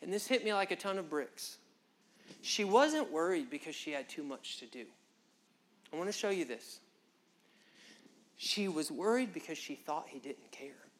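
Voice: mid-range voice, lively intonation, moderate pace, pauses often. Impassioned preacher delivering a sermon. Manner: impassioned, direct address to the congregation; conversational, folksy phrasing.

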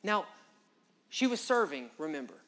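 At a church service, a preacher delivers an impassioned, conversational sermon in folksy, direct phrasing, speaking straight to the congregation. The voice is mid-range and sing-song, fairly bright, at a moderate pace.

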